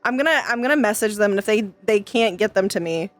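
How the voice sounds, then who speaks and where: A woman's voice: mid-range voice, expressive, fast talker, no room sound, faint music behind. A woman streamer venting to her chat in casual talk, frustrated, swearing often and stumbling over restarts.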